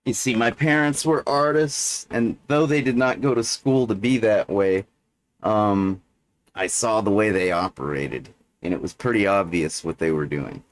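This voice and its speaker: A man with a lowish voice talks at a measured pace while hosting a livestream. His monologue wanders, heavy on fillers and regular "right?" check-ins.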